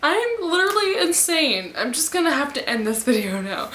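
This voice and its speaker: A young woman vlogger chatting casually and gushing excitedly, with gasps and squeals. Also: high-pitched, moderate pace, roomy sound. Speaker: book vlogger. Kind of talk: casual vlog chat.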